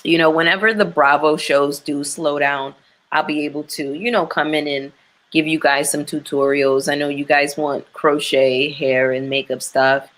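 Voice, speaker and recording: A low-pitched woman chats to her viewers on a livestream, sounding worn out and emotional. Her talk is candid and slangy, like she is venting to friends. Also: fairly even intonation, moderate pace. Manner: gets loud and high-pitched when ranting. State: exhausted and emotional. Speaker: YouTube livestream host. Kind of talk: casual livestream chat with viewers.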